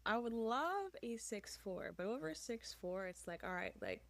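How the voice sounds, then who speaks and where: A woman's voice: fairly high pitch, very animated, moderate pace, fairly bright tone, no room sound. A woman in casual podcast chat, frank and opinionated, filling her talk with "like". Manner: opinionated, frank, heavy use of "like".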